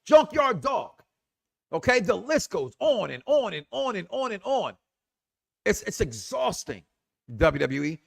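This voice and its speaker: High-voiced guy hosting a wrestling show, ranting hard, keeps repeating himself. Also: measured pace, vocal fry. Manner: animated, emphatic, repeats himself. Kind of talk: impassioned commentary rant.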